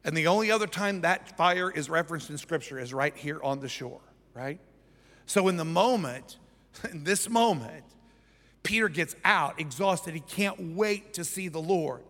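A man's voice: on the high side, animated, a little slow, fairly bright tone. A male pastor preaching a conversational sermon who keeps checking in with the congregation by asking "right?". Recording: church hall with long reverb.

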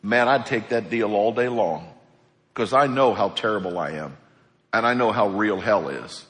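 A man preaching a sermon as pastor, animated, acting out the people in his stories. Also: on the low side, moderate pace, big-room sound.

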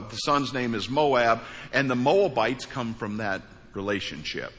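Man, pastor preaching, bright forceful voice, slightly high, echoing hall reverb. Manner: emphatic preaching with sudden rises and drops. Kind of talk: sermon.

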